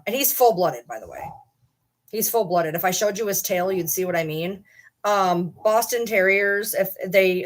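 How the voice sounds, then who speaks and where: A woman vlogging casually from home, rambling and swearing offhandedly while talking to her dogs. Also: medium pitch. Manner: rambling, swears casually, talks to her dog mid-sentence. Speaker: channel host. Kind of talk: casual vlog chat.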